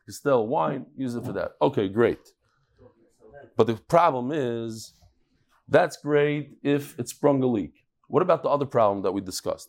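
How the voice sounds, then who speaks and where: A hoarse man with a cold leads a relaxed daily Talmud class, his voice sitting at an ordinary middle pitch. He talks in a chatty, easygoing way and tosses quick asides to the people around him. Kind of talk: casual Talmud lesson.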